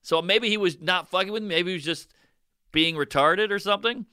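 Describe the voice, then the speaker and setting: A higher-pitched man with a bright, crisp voice recounts a bad night on stage. He reacts quickly and acts out lines loudly, and the sound is close and dry. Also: dry recording. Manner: excitable, quick reactions and loud acted-out quotes. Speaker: comedian on a podcast. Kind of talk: comedic storytelling in casual chat. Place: podcast studio.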